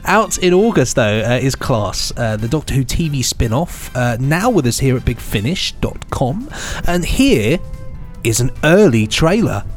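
Jokey rambling podcast host. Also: male voice, mid-range voice, very animated, a little slow, soft background music. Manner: jokey, rambling, laughs a lot. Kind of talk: casual chat.

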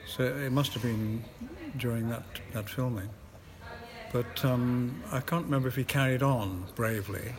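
A man's voice: mid-range voice, moderate pace, crowd noise. An older Scottish man, an actor being interviewed, telling stories with self-deprecating chuckles. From Scotland. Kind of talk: casual interview chat. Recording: noisy ambient background.

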